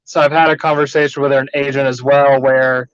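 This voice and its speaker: Flat-toned earnest man agent. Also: medium pitch, clean tone, dry recording. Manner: measured, earnest, explains step by step. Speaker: real estate agent on a training call. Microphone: video call. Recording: dull, dry call audio.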